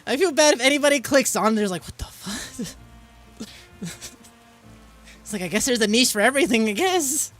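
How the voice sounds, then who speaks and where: A man's voice: very high voice, expressive, a little fast, a bit bright, faint music behind. A man streamer chatting casually while trying out silly voices, giggling and rambling, with frequent self-interruptions.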